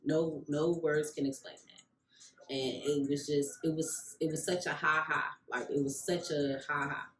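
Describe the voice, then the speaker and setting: A woman tells her story in a casual vlog, acting out what each person said along the way. Her voice sits a bit low. The room around her is echoey. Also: measured pace. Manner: animated storyteller, acts out quoted voices. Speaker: vlogger, rug maker.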